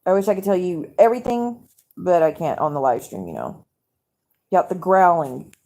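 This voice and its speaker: A woman's voice: on the low side, lively intonation, moderate pace, dark tone. Angry woman ranting on a live stream. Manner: angry, profane, rambling rant to viewers. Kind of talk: venting casual live stream. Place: home at night.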